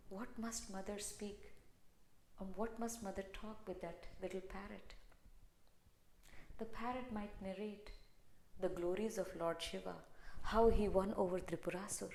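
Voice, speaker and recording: Slow, reverent woman explaining a hymn. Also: mid-range voice, fairly even intonation, darkish tone, roomy sound, slight background noise. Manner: slow, reverent, chants verses between explanations. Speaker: spiritual teacher explaining a hymn. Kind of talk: devotional discourse.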